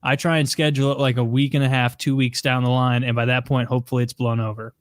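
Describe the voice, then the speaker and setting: A man's voice: medium pitch, level tone, fast talker, dry recording, clean studio sound. A man co-hosting a casual podcast chat, making laid-back jokey asides. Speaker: podcast co-host.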